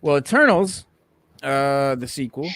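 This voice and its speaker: Male podcast host, casual, reads news with fillers, dry sound, mid pitch. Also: animated, unhurried, a bit bright, no room sound. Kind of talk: casual chat, reading news.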